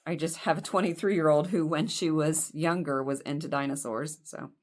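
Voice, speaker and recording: A low-pitched woman in her forties talks through a doll-clothes unboxing. She rambles into chatty, self-deprecating asides as she holds up each piece. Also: steady tone, moderate pace, darkish tone. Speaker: doll collector vlogger. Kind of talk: casual unboxing chat.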